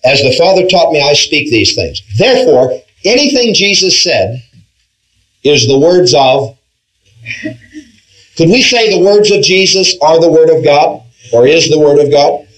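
A man leads an interactive Bible class in a slightly high, expressive voice at a somewhat slow pace, heard on a rough recording. He poses questions to his group and emphasizes key words, with frequent restarts and "all right"s.

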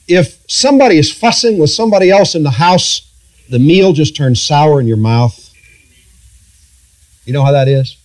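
Middle-aged male pastor, somewhat high voice, confessional and earnest sermon delivery. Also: darkish tone. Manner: earnest, halting, confessional, with frequent restarts.

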